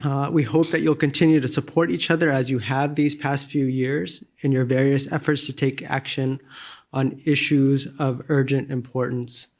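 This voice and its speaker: A man's voice: mid-range voice, level tone, normal speed, a little mellow. A man hosting a graduation ceremony, thanking the speaker and giving closing announcements. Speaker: ceremony host.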